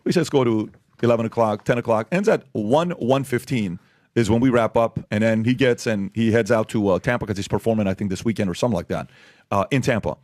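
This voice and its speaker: A man's voice: lowish voice, fast, a little mellow, dry recording, studio quality. A man hosting a podcast, talking emphatically and firing off repeated rhetorical questions. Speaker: podcast host. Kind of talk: opinionated podcast talk.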